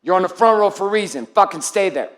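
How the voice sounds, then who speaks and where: Man, high-pitched voice, blunt and profane, intense motivational coach talking to his crowd. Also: animated, quick pace, roomy sound. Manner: blunt, profane and intense, calling on people by name. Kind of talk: live motivational speech to an audience.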